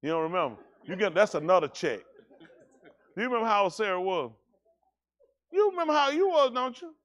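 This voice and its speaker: A man's voice: high-pitched, big pitch swings, brisk, fairly bright tone. A man leading a congregation, bantering casually and teasing people in a joking, folksy way.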